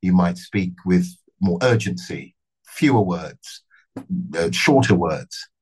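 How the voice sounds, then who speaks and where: A middle-aged man with a very low, husky voice talks about his craft as an actor. He speaks in measured, reflective phrases and often restarts mid-sentence. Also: animated, rough recording. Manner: thoughtful, measured, with frequent restarts and fillers. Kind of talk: reflective interview answers.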